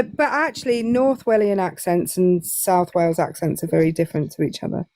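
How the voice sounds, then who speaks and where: A woman's voice: lowish voice, lively intonation, moderate pace, a little mellow. A young English woman chatting casually as a guest on a live stream, hesitant with many fillers. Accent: English, southern Midlands. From England.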